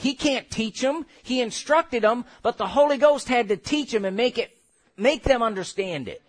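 Male preacher, high voice, lively sermon delivery, acts out little scenes. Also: moderate pace. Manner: animated, acts out quotes, laughs.

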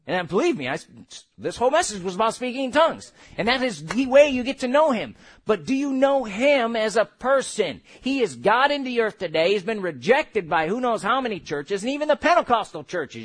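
Male preacher, high voice, lively sermon delivery, acts out little scenes. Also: fairly quick, few pauses. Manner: animated, acts out quotes, laughs.

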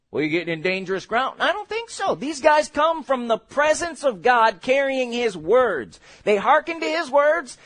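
A man preaching a sermon in a lively, conversational way, asking the congregation questions and laughing between points. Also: extremely high pitch.

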